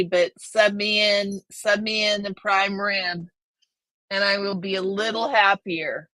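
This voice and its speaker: A woman's voice: medium pitch, fairly bright tone, no room sound. A woman hosting a casual live stream, chatting with viewers and reading their names aloud. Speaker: livestream host.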